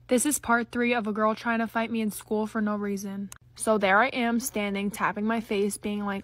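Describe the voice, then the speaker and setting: A woman's voice: medium pitch, level tone, quick pace, hardly any pauses, dry recording. A young woman casually telling a school story, blunt and swearing freely. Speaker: TikTok creator.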